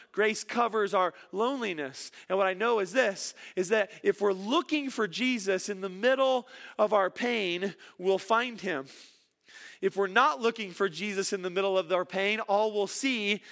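A man's voice: sits high, unhurried, creaky, a bit bright. A middle-aged man preaching a sermon, earnest and repeating words for emphasis. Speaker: pastor.

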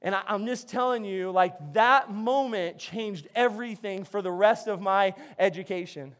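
A man with a strikingly high voice delivers a sermon as a pastor. He talks to his congregation in a loose, chatty way, cracks jokes and often restarts his phrases. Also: moderate pace, a bit bright. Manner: conversational, jokey preaching with frequent restarts.

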